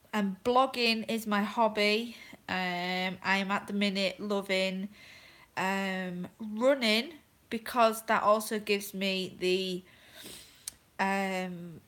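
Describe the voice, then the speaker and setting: A woman's voice: medium pitch, a bit bright, poor audio. A woman, a vlogging mother, chatting on a casual livestream and rambling through stories with many fillers. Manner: rambling, filler-heavy storytelling with laughter.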